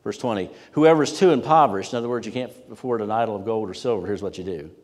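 A man preaching a sermon emphatically, rising in pitch and volume when reading scripture and dropping low for asides. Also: very fast, a little mellow. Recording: long hall reverb.

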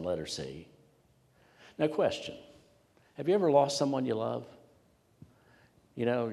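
Pastor, male, low-pitched, earnest sermon delivery with hushed moments, sanctuary reverb. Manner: earnest, rises loud for emphasis and drops to near whispers. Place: church sanctuary. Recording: long hall reverb.

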